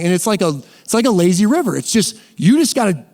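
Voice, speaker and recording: Male guest with a slightly high voice, sharing his faith story in a loose, rambling way, with quick bursts and frequent restarts. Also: very animated, a little mellow. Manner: often speeds up in bursts. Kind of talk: casual faith testimony.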